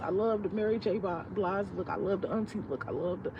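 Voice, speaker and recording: A woman's voice: medium pitch, fairly quick. Young woman venting, profane and rambling. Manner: profane, rambling, heartfelt, reflective. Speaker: vlogger. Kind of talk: casual personal venting. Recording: distant, muffled mic with street noise.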